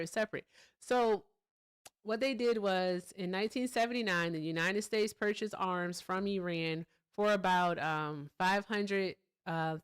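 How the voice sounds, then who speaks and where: On a laid-back political commentary livestream, a woman with a clean, somewhat low voice talks straight and uses profanity. She keeps stopping between points to chat with the people watching.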